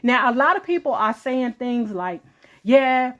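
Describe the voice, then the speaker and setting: A woman's voice: a little high, sing-song, normal speed, sharp tone. A woman, reading a book aloud on her channel and breaking off for casual, chatty commentary. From United States.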